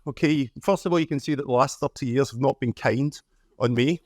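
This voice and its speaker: A man's voice: medium pitch, brisk, dry recording, clean studio sound. Scottish man telling stories on stage. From Scotland. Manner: chatty and humorous, often tags lines with 'okay?'. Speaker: conference speaker. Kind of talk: conference talk with storytelling.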